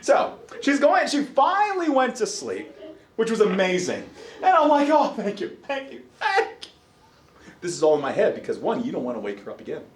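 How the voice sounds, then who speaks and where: A man's voice: high voice, a little fast, far from the mic. A man lecturing a college psychology class, telling stories, acting out his own reactions and quizzing students. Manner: lively storyteller, acts out his own reactions, asks the class questions. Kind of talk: animated classroom lecture with anecdotes. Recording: echoey classroom.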